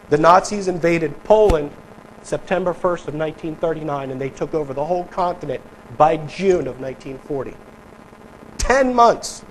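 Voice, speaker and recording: A man's voice: a little high, a little hiss or hum, low-quality recording. A man preaching a sermon in a conversational, emphatic way, talking with his congregation and reading quotes aloud. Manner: conversational, emphatic, mock voices for politicians. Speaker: pastor. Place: church sanctuary.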